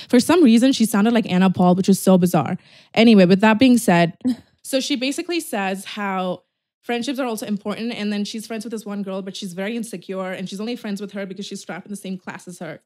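A woman in her twenties hosting a podcast, chatting casually with a friend, swearing and making quick asides. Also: medium pitch, darkish tone, no echo, clean studio sound. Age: 20s. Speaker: podcast host. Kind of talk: casual chat.

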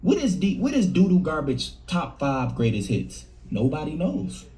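A man's voice: fairly high pitch, wildly swooping pitch, normal speed, dark tone. A man hosting a casual commentary video, mocking and conspiratorial in tone. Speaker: host.

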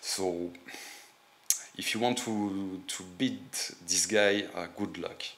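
A man from France with a French accent, giving casual commentary in a halting way with many fillers. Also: sits low, fairly even intonation, fairly bright tone. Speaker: reaction video host.

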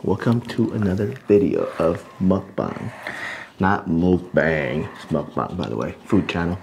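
A man with a deep, low-pitched voice talks loosely and easily to the camera, drifting through his thoughts with plenty of ums and uhs. He sounds middle-aged and hosts a casual family eating video, with a faint hum in the background. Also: normal speed, creaky. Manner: relaxed, rambling, many fillers. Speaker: family vlog host. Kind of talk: casual mukbang chat.

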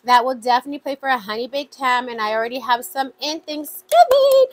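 A woman vlogging about her savings challenges, chatting excitedly to viewers and counting money out loud. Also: high voice, moderate pace, hardly any pauses, no echo, rough recording. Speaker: budgeting vlogger. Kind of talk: casual vlog talk to viewers.

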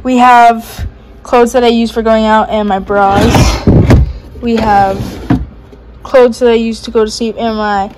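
A young woman walks through her dorm room, listing her belongings in a relaxed, offhand vlog voice. She speaks slowly and sits a little high in pitch. Steady background noise hangs under the recording. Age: young adult. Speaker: vlogger. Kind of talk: casual room tour narration.

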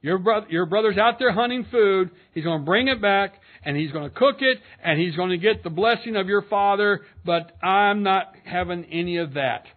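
A man's voice: high-pitched, moderate pace, few pauses. A man, a pastor, preaching an earnest sermon, reading scripture aloud and commenting between the verses. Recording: narrow phone-like sound.

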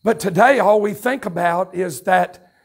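Fiery Southern preacher, high gravelly shouts. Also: male voice. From North Carolina, USA. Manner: fiery shouting preacher with a folksy drawl, quick asides and chuckles. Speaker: pastor. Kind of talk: revival sermon. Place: church sanctuary at a campmeeting. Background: congregation calling out responses.

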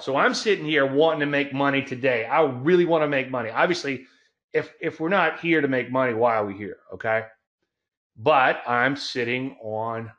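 A man hosting a trading talk show, speaking in a folksy, emphatic way, drawing out key words slowly and chuckling at his own jokes. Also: medium pitch, a bit bright. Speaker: trading educator and show host. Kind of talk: solo market talk show.

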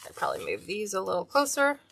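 A woman's voice: mid-range voice, huge pitch swings, fast talker, gravelly, background noise. A woman hosting a hands-on craft tutorial, chatting casually and talking to herself as she works. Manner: chatty, talks to herself while working.

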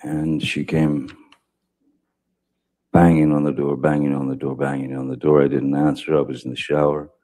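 A man giving courtroom testimony as a witness, speaking haltingly with many restarts and fillers. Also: very deep voice, little pitch movement, mellow. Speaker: trial witness.

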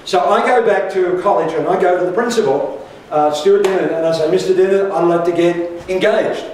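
A man's voice: high-pitched, brisk, darkish tone, slight background noise. Older man preaching in an echoey hall. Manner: storytelling with humour and self-asides. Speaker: pastor. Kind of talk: sermon. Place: church hall. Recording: echoey church hall from far off.

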